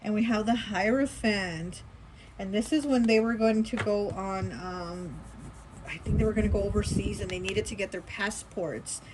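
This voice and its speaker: A woman's voice: medium pitch, normal speed, noisy background. Chatty woman giving a tarot reading. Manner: chatty, rambling, many fillers and restarts. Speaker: tarot reader. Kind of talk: casual tarot reading monologue.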